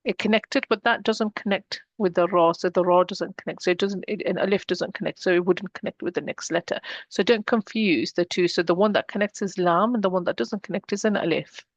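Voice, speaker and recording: A woman teaching a beginner Arabic lesson, patient and explanatory, slowing down to model each word. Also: on the low side, steady tone, no echo, muffled recording. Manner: patient, slows down to model pronunciation.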